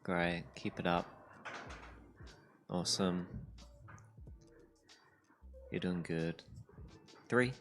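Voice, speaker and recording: A man's voice: sits low, extremely slow, pauses often, a bit bright, a little hiss or hum. A man keeping time on a workout stream, counting down and making dry, teasing jokes. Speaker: co-host and timekeeper.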